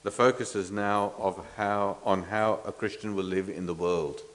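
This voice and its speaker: A man's voice: on the low side, steady tone, moderate pace, a bit bright. A man preaching an expository sermon, earnest and emphatic, with frequent fillers and restarts, asking the congregation rhetorical questions.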